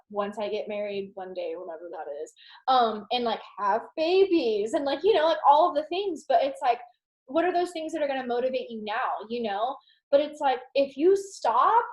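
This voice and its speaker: A young woman giving a casual, rambling motivational talk to her team on a video call, animated and full of "like". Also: high voice. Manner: animated, rambling, heavy use of "like". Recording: roomy echo.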